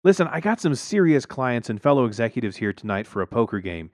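A man voicing a pushy, overly friendly neighbor who talks loud and salesy in a storybook reading. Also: mid-range voice, sing-song, quick pace, dry recording, studio quality. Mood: glad-handing. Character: smarmy grown man, pushy glad-handing neighbor.

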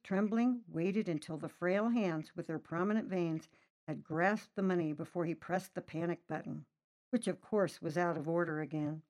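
A woman reading a short story aloud, narrating lively and voicing the characters' lines herself. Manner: lively, voices characters with raised pitch. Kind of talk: storybook narration with acted dialogue.

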